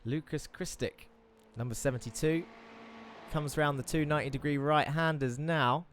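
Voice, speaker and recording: A man's voice: a little high, normal speed, fairly bright tone, a little hiss or hum. A man commentating a sim racing broadcast in a chatty, enthusiastic way, talking viewers through the track turn by turn. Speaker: race commentator.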